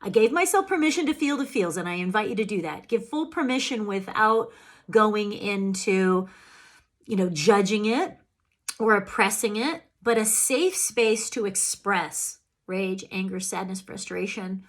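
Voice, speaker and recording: A woman coaching on emotional healing in an earnest self-help talk. She speaks to the listener directly and jumps up in pitch when acting out her own feelings. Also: measured pace.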